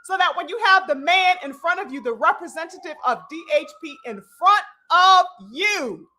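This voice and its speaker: A woman delivers a live-stream boxing commentary rant in a very high voice. Her tone is bright and sharp, and she hammers her point with profanity and stacked rhetorical questions. She calls out to her listeners as brothers and sisters, like a preacher working a congregation. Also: expressive, normal speed. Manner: addresses the audience like a preacher.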